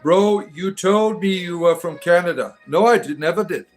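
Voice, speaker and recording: A man from Detroit hosts a casual livestream, reading out his viewers' comments and answering them one by one. His voice sits a little high, and his talk rambles, full of fillers and false starts. Faint music plays quietly behind him. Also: normal speed. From Detroit, Michigan. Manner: rambling, hesitant, many fillers and restarts. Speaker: livestream host reading chat.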